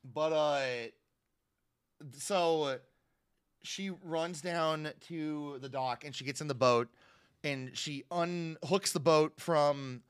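A man's voice: on the high side, slow pace, smooth, dry recording, studio quality. A young man chatting casually as a podcast co-host, recapping a movie in a rambling way and acting out quotes. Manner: rambling, acts out quotes with raised voice.

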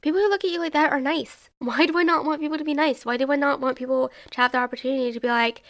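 A young woman hosts her own podcast and talks on her own in a loose, wandering way. She keeps questioning herself out loud. Her voice sits a bit high and has a steady vocal fry. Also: very fast. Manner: rambling, self-questioning, heavy use of "like". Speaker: podcast host. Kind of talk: casual solo podcast monologue.

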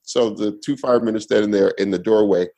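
A man's voice: fairly low pitch, steady tone, quick pace, mellow, rough recording. A male comedian guest telling a long story in a laid-back way, acting out the other people in it. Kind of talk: casual storytelling on a podcast.

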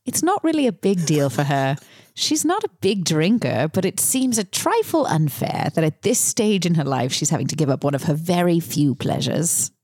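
A woman's voice: low voice, big pitch swings, moderate pace, a little mellow, no room sound, studio quality. A woman putting on a British accent to voice a genteel palace insider. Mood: prim. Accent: British, put on.

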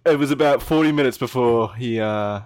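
A man's voice: mid-range voice, brisk, a little mellow, clear, resonant tone. A man co-hosting a podcast, bluntly recapping a story and chuckling between lines. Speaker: podcast co-host. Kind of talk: casual comedic chat.

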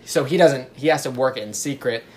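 A man's voice: medium pitch, a little fast, darkish tone. A young man casually describing his novel on a podcast, rambling with fillers and poking fun at himself. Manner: self-deprecating, rambling with fillers. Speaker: podcast co-host and author. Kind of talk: casual chat.

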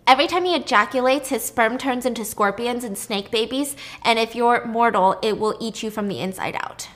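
Brief: irreverent woman host retelling myths, casual and chatty, slightly high pitch. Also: fairly quick, fairly bright tone. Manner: chatty and irreverent, swears freely. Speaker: storyteller host.

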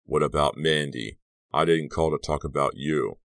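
A man's voice: very deep voice, normal speed, creaky, fairly bright tone, no room sound, clean studio sound, full character voice. A man voicing a wisecracking teenage boy who needles his friend with jokes, in an audiobook reading. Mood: teasing.

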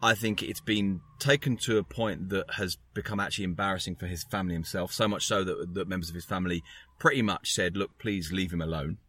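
A man's voice: sits low, brisk, fairly bright tone, no room sound. A man talking football on a podcast in a discursive way, often restarting his sentences. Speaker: podcast pundit.

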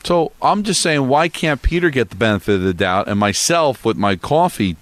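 A man's voice: mid-range voice, lively intonation, normal speed, no echo. Defensive, stammering man on the radio. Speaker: radio co-host. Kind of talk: casual radio banter. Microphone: studio microphone.

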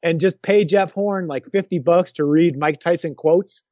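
A man co-hosting a podcast, talking in a lively, joking way with many restarts. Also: on the high side, normal speed, no echo, highs cut off. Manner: animated, jokey, restarts often. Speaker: podcast co-host. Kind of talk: casual chat.

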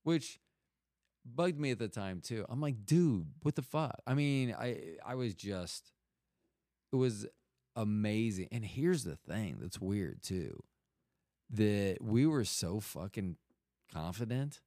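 A man's voice: lowish voice, expressive, slow pace, warm tone, no echo, studio quality. A middle-aged man telling a rambling, profane story in casual talk, often cutting himself off. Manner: rambling, profane, self-interrupting.

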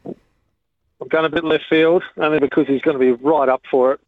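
A man's voice: fairly high pitch, fairly even intonation, normal speed, a little hiss or hum. A man calling in to a radio show, chatty and enthusiastic. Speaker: caller. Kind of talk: phone-in chat. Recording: tinny phone line.

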